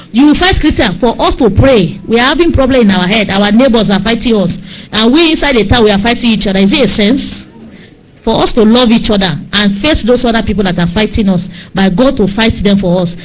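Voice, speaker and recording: A woman with a Nigerian accent, preaching with fervor and telling a dream as testimony, pleading and rising to high cries. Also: lively intonation, a little fast, slight background noise, rough recording. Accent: Nigerian English.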